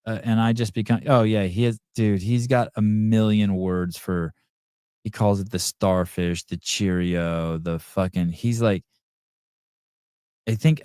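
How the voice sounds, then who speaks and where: A middle-aged man talks off the cuff on his podcast, profane and rambling, answering chat messages as they come in. His voice sits low, and the sound is dry and close with no room in it. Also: a little mellow, clean tone, no echo. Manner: profane, rambling, reads chat comments aloud. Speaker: podcast host. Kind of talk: crude off-the-cuff livestream chat.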